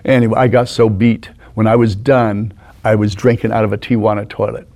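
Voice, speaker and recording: Storyteller guest, man in his 60s; animated raconteur. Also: lowish voice, brisk, vocal fry. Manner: animated raconteur, acts out the people in his stories. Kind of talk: anecdotal storytelling. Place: studio.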